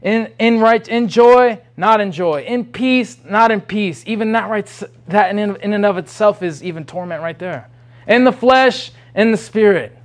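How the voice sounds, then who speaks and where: Male preacher, high-pitched, informal rambling sermon delivery. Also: normal speed. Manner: rambling, restarts often, rising to urgent questions.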